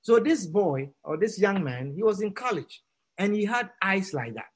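A male preacher with a high voice tells a story to his congregation. His pitch swings widely as he acts out the characters. He moves from hushed tones to near-shouts. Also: big pitch swings, moderate pace, husky.

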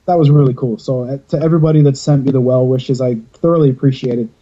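A man chats on a podcast over a video call, drifting through long stories with plenty of casual swearing. His voice is very dark and a little husky. The call audio sounds dull and lo-fi. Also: mid-range voice, steady tone, fast talker. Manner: rambling storyteller, swears freely. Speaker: podcast host.

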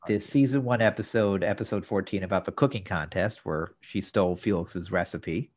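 A man's voice: low-pitched, moderate pace, a little mellow. A man co-hosting a podcast, retelling a sitcom episode's plot in detail with dry asides. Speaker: podcast co-host. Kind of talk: casual episode recap.

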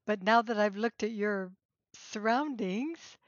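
A woman playing a stern, perceptive older female professor who speaks in a measured, questioning way. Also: medium pitch, no echo, lightly acted. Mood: probing. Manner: measured, questioning, gently reproachful. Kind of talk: podcast role-play. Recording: slightly dull, dry recording.

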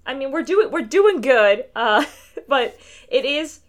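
A woman's voice: high voice, lively intonation, takes it slowly. A woman co-hosting a podcast in casual chat, reading out a listener's email with many fillers. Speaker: podcast co-host.

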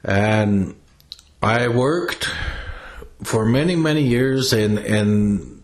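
Older male elder, slow reflective storyteller, plain and unhurried. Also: lowish voice, expressive. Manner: unhurried, plain-spoken, with pauses and restarts. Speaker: elder sharing teachings.

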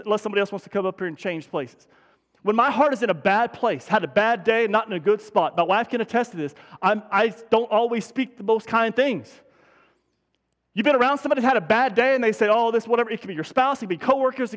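A man's voice: high-pitched, fairly bright tone. A man preaching a sermon as pastor, speaking conversationally and repeating his key points for emphasis. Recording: long hall reverb.

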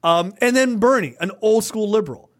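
A man with a high voice speaks at normal speed while co-hosting a podcast. His political chatter is casual, profane, and animated, wandering along with repeated "right?" asides.

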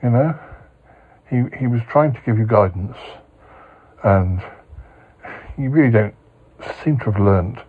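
Male podcast host, mid-pitched and slightly husky, patient with a light scolding tone, lo-fi sound. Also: expressive, unhurried, long pauses. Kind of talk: casual chat with a puppet-style character. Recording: dull lo-fi sound.

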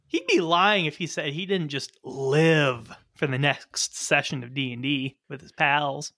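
An upbeat man emceeing a tabletop podcast intro, his pitch jumping around in a bright tone. The sound is dry and close, and he laughs easily between lines. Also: lively intonation, measured pace, no echo. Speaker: host and dungeon master.

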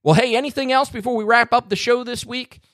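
A man's voice: extremely high pitch, fairly quick, a bit bright, dry recording, clean studio sound. A man hosting a casual podcast chat, teasing his co-host in an easygoing way and laughing along.

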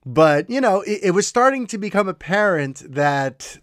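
A man's voice: sits high, big pitch swings, normal speed, no room sound, studio quality. A man hosting a podcast, giving casual, enthusiastic commentary, chatty with fillers and restarts. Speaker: podcast host.

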